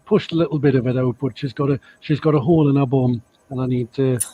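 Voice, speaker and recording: A man's voice: medium pitch, fairly even intonation, fast talker, slightly rough, lo-fi sound. A man in a casual chat, joking and drifting off on tangents. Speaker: co-host.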